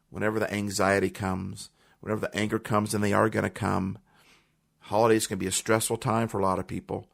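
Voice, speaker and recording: A man hosts his podcast in an earnest motivational monologue, leaning on repeated phrases for emphasis. His voice sits low with a gravelly fry. He speaks into a studio microphone. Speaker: podcast host.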